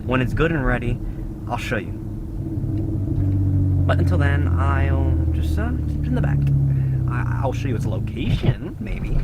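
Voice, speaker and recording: Rambling young man over loud road noise. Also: medium pitch, lively intonation, measured pace, vocal fry, long pauses. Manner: rambling, filler-heavy, self-mocking. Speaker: motorcycle vlogger. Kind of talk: casual vlog chat. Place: riding a motorcycle outdoors. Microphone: head-strap camera mic. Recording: loud wind and engine noise.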